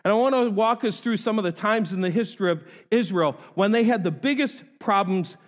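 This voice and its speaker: A man preaching a sermon, reading scripture aloud and explaining it with expressive emphasis. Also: fairly quick. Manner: expressive preaching with dramatic pitch swings. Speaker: pastor. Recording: hall reverb.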